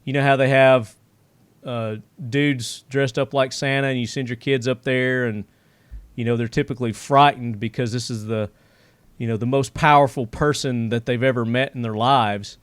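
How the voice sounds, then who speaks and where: A man's voice: mid-range voice, steady tone, normal speed, smooth, dry recording. A middle-aged man hosting a podcast, telling stories in a loose, rambling way full of fillers. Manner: rambling storyteller with many fillers. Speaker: podcast host. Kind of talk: casual podcast chat.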